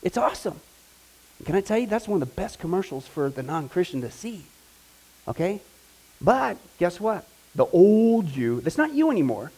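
A man with a high-pitched voice teaches a Bible class, talking in a lively, conversational way and often stopping to check in with the class. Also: normal speed, slightly rough, poor audio. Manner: energetic, conversational, with frequent check-ins to the class.

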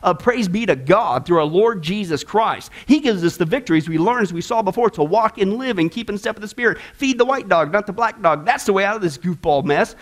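High-voiced man teaching a Bible class. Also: fairly quick, hardly any pauses. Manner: animated, folksy, asks the class questions.

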